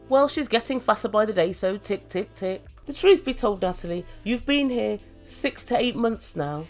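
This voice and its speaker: A woman's voice: fairly high pitch, expressive, normal speed, faint music behind. A woman recapping a reality show with a sardonic, mocking delivery and free swearing. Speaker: reality TV reviewer. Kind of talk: sarcastic recap commentary.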